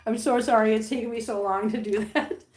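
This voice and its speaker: A woman's voice: fairly high pitch, steady tone, fairly quick, darkish tone. A woman hosting a casual live stream from her home, chatting to viewers about her cats and laughing often. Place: home living room. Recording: roomy home sound with faint background hiss.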